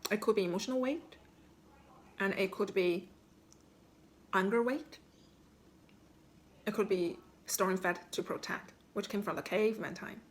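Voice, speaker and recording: A woman as a spiritual healing coach, calmly guiding listeners through self-reflection with instructive questions. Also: medium pitch, moderate pace. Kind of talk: guided self-reflection talk.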